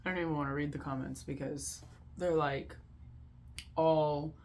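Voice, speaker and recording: A woman with a gravelly, low-pitched voice reads internet posts aloud and comments on them bluntly. She talks in a loose, casual way, full of "like" and "you know". A faint hum of room noise sits underneath. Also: steady tone, unhurried, a little mellow. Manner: blunt, opinionated, heavy use of "like". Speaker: Reddit story reader and commentator.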